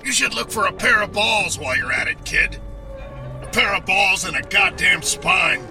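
Brief: man voicing drunk abusive father, rough slurring growl, sneering. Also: high voice, expressive, moderate pace, bright, forceful tone, pitched above the performer's own voice, exaggerated voice. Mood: menacing sneer. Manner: sneering, menacing. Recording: horror podcast with music underneath.

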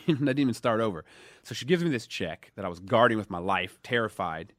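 A man in his thirties from Dallas, telling stories in a casual interview, animated, swinging between loud emphasis and quiet asides. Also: fairly low pitch, a little fast, no echo, clean studio sound. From Dallas, USA. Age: 30s. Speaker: guest.

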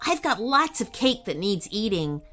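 A woman's voice: mid-range voice, sing-song, moderate pace, sharp tone. A woman voicing a cheerful, giggly young princess girl in a children's story. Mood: playful. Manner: bubbly, laughing.

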